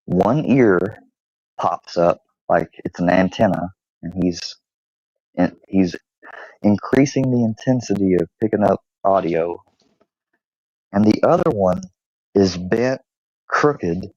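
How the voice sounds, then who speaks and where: A man's voice: sits low, slow pace, pauses often, darkish tone, no room sound, lo-fi sound. A man hosting his channel, telling stories about his dog in a casual, swearing way and slipping into baby talk with the dog. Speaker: channel host. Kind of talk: casual storytelling to camera.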